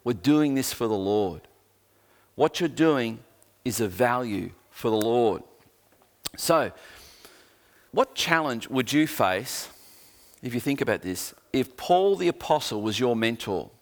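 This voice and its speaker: A man's voice: mid-range voice, lively intonation, unhurried, a little mellow. Australian man preaching a sermon. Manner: conversational, earnest, with joking asides. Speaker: pastor.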